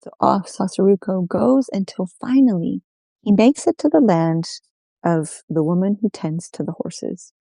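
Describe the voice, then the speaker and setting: Storyteller woman, oral folk tale, unhurried, warm dry close sound. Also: mid-range voice, creaky, no room sound. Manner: unhurried, repetitive refrains. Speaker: storyteller guest.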